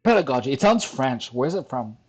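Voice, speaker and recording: A man's voice: a little high, expressive, normal speed, a little mellow. A man doing casual reaction commentary from his computer, reading an article aloud, laughing often and stumbling over long words. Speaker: commentary vlogger. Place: home desk at a computer.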